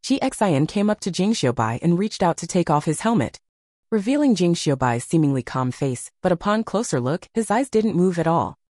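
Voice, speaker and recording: A woman reading a novel aloud as audiobook narration, with expressive storytelling. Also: lowish voice, normal speed, no echo, clean studio sound.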